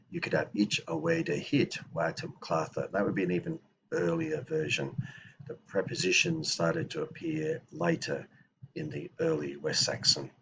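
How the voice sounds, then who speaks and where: A man with a very low voice explains grammar in a relaxed teaching manner. He often restarts his sentences as he thinks aloud and slows down to spell out each example phrase. A faint hiss runs under the recording. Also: creaky. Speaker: language teacher. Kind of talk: explanatory lesson.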